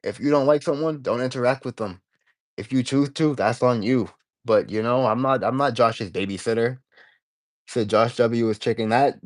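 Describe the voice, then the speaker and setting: A man's voice: medium pitch, darkish tone, dry recording. A man hosting a casual livestream, rambling in stops and restarts as he talks to his viewers. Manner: rambling, stop-start, reading out chat comments. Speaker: livestream host.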